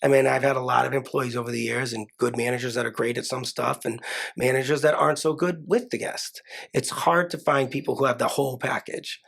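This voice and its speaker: Gravelly-voiced chef, easygoing and plainspoken. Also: male voice, mid-range voice, steady tone, fairly quick, fairly bright tone. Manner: affirming, repeats "yeah" and restarts often. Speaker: chef and restaurant owner. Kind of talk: casual interview conversation. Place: podcast studio.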